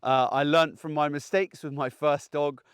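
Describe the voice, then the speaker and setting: Bloke chatting dog training out in a field, voice a bit high, dry close sound. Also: male voice, fairly even intonation, normal speed, clear, resonant tone, no room sound. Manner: chatty, plain-spoken, keeps checking in with "okay?". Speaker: gundog trainer. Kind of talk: casual outdoor training advice. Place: outdoors in a grass field.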